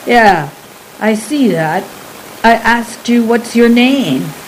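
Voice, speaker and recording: A woman voicing a gruff, lonely giant man who talks bluntly and impatiently. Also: on the high side, animated, slow, slight background noise, low-quality recording. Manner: brusque, exasperated questioning.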